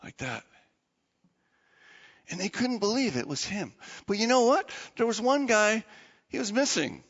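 A man telling a story to children in an animated, dramatic way. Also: high voice, a little slow, husky, long reverb tail, muffled recording. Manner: animated, dramatic retelling with restarts.

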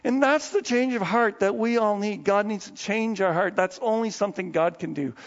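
A male pastor preaching a sermon in a conversational, animated way, dropping to low asides and then rising into excited bursts. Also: moderate pace. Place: church sanctuary. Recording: long hall reverb, dull muffled sound.

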